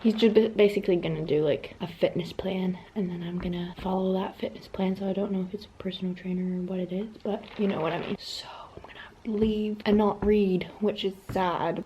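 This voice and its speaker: A woman's voice: mid-range voice, steady tone, fairly quick, reverberant, highs cut off, noisy background. A woman in her twenties chatting casually in a reading vlog, rambling and full of fillers. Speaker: vlogger. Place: messy bedroom. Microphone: phone camera.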